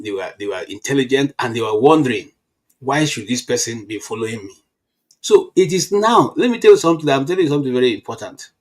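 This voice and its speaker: A Nigerian man in his fifties, talking politics in a casual chat and telling animated stories full of restarts. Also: medium pitch. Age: 50s. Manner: animated storytelling with frequent restarts.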